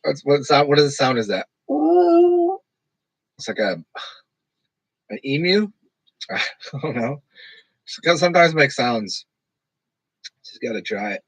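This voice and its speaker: Streamer type, male, husky, loose and rambling, self-described monotone, dry close sound at home. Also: medium pitch, dry recording, rough recording. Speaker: streamer talking to live chat. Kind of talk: casual rambling livestream chat.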